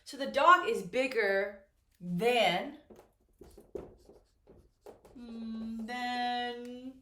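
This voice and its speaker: A woman teaching English at a board, speaking slowly and deliberately, often checking in with "right?" and "okay?". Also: on the high side, bright, forceful tone, slight background noise. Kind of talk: classroom grammar lesson at a board. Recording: echoey room.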